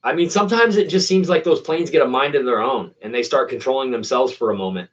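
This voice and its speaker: Talking fast in a mid-range voice, the RC plane channel host chats casually with viewers and responds to them in easygoing slang. The recording is distant and has a dull, lo-fi character.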